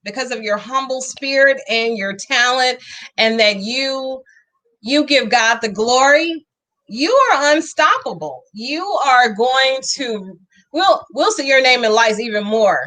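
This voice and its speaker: A woman's voice: fairly high pitch, measured pace, pushed and bright. A woman talk show host, heaping emphatic praise on her guest in an effusive interview chat.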